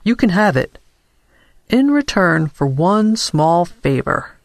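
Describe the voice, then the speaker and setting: A storyteller voicing a wary, middle-aged Filipino male shopkeeper who speaks in a measured, cautious way. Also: medium pitch, very animated, vocal fry, no echo, full character voice. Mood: scheming.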